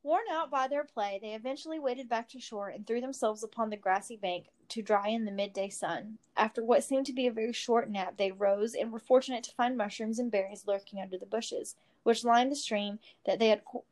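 A woman reading a fantasy story aloud in a steady, expressive storytelling manner. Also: on the high side, fairly quick, few pauses. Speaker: story reader. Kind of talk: reading fan fiction aloud.

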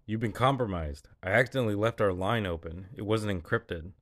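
Calm mission handler, read by a man. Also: fairly low pitch, fairly quick, no room sound. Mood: instructing.

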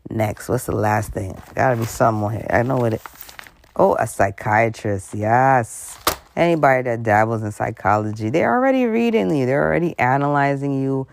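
A woman's voice: a bass voice, normal speed, gravelly, a little hiss or hum. A woman host giving a frank, conversational commentary monologue, full of asides and acted-out voices. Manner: animated, conversational, frank, breaks into laughs and voices.

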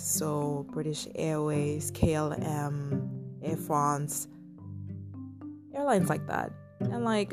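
A young woman telling a story to her viewers in a casual, animated way, acting out her own thoughts. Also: lowish voice. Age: young adult. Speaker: vlogger. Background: guitar music.

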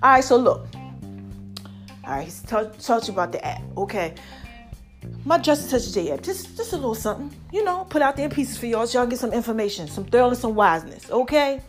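A woman giving an animated faith-based pep talk to her viewers, preachy and chatty, calling them y'all. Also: on the high side, fairly quick, soft background music. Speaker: vlogger.

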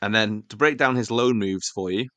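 A man's voice: on the low side, moderate pace, fairly bright tone, dry recording. A man hosting a casual football podcast, reeling off stats with a wry, chuckling manner.

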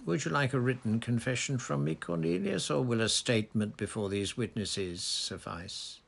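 A man voicing an old male wizard headmaster who speaks calmly, pleasantly and with gentle irony. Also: mid-range voice, normal speed, gravelly, voice pushed up. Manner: calm, pleasant, gently ironic.

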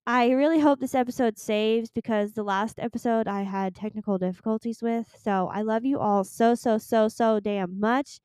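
Woman, young adult, podcast host, rambling, gushing, smooth voice, dry close sound. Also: on the high side, fairly even intonation, normal speed, few pauses, darkish tone, no echo. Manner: gushing, rambling, swears casually. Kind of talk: casual solo podcast chat.

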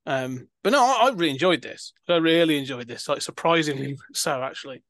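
A man's voice: fairly high pitch, expressive, a little fast, a bit bright, dry recording, studio quality. A man hosting a casual film-review podcast, rambling with lots of fillers and restarts. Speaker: podcast host.

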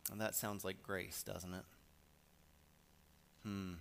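A man preaching a sermon, reading scripture with emphasis and swinging from soft asides to loud lines. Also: low voice, flat delivery, slow, gravelly, a little hiss or hum.

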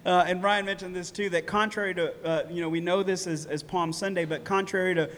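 A man preaching a sermon in a relaxed, conversational way, often tagging points with "right?" and laughing lightly. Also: sits high, brisk, a little hiss or hum. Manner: casual, conversational preaching with many "right?" asides. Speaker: pastor. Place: church hall. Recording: long reverb of a church hall.

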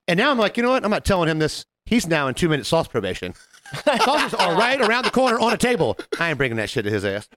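A man co-hosting a casual podcast, telling an animated story and acting out the voices of the people in it. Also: a little high, quick pace, no room sound. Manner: animated, jumps into mimicked voices of customers. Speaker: podcast co-host.

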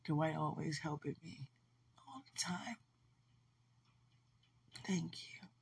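Slow, gravelly-voiced woman chatting warmly. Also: low voice, lively intonation. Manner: effusive and affectionate, laughing often. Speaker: podcast host. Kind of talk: casual livestream chat.

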